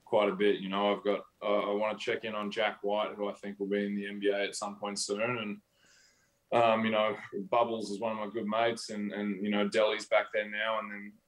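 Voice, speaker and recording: A man's voice: lowish voice, monotone, normal speed, rough recording. An Australian man as an interview guest, talking casually and rambling with lots of fillers. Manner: rambling, full of "you know" fillers.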